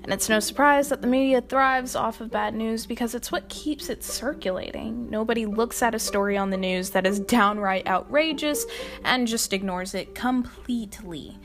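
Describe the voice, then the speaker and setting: Young woman video host, casual commentary, quick laughing asides, light music bed. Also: fairly high pitch. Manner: chatty, laughing, exasperated asides.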